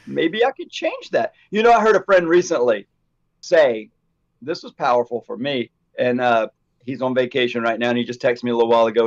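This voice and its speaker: Animated male podcast co-host, lo-fi. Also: mid-range voice, vocal fry. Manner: animated storyteller, acts out quoted dialogue. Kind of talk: casual chat.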